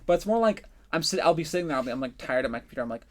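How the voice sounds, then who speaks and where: A man's voice: a little high, lively intonation, rapid-fire, hardly any pauses, darkish tone. A young man co-hosting a podcast, talking in a casual, rambling and reflective way, full of fillers and restarts. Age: young adult. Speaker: podcast co-host. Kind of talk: casual chat.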